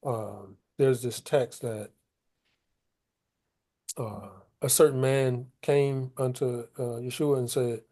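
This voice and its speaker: Man, Bible study teacher, casual colloquial delivery, mellow tone. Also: mid-range voice, fairly even intonation, slow, long pauses. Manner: colloquial, paraphrases scripture in casual street talk.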